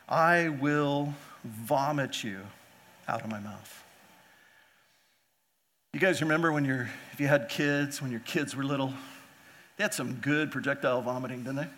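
A man preaching a sermon as pastor, lively and animated, often putting rhetorical questions to his listeners. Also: a little high.

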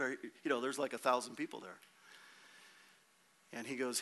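A man's voice: medium pitch, a little fast. A male pastor preaching a sermon, telling a story with energy and acting out quotes. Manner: animated storytelling with acted quotes.

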